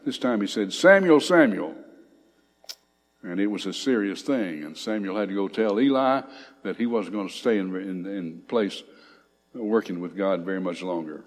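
A man preaching a sermon, reading scripture aloud with swelling emphasis and pausing on frequent fillers. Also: low voice, a little mellow. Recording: long hall reverb.

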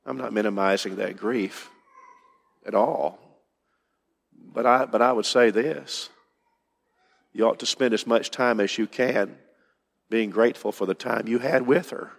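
A man's voice: medium pitch, creaky. An older man preaching a conversational sermon to his congregation in church, with emphatic questions. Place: church hall. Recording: roomy hall reverb.

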